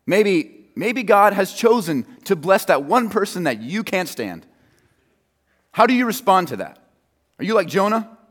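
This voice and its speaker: A man's voice: high-pitched, sing-song, a little slow, fairly bright tone, long reverb tail. A man preaching a sermon in a casual, conversational way, joking with his listeners.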